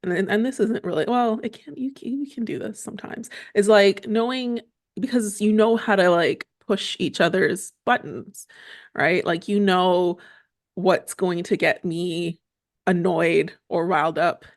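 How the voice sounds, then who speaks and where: A woman's voice: medium pitch, a little slow, dry recording, clean studio sound. A woman co-hosting a family podcast, chatting casually with many fillers and easy laughter. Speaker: podcast co-host. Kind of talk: casual chat.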